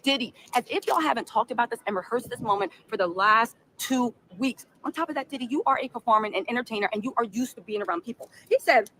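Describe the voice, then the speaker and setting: A woman host talks quickly over her live reaction stream, her voice pitched high. She rattles off sassy commentary on the news and keeps stopping to thank viewers by name. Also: animated, fairly bright tone, a little hiss or hum, low-quality recording. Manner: sassy, fast-talking, mimics people she describes. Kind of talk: animated commentary chat.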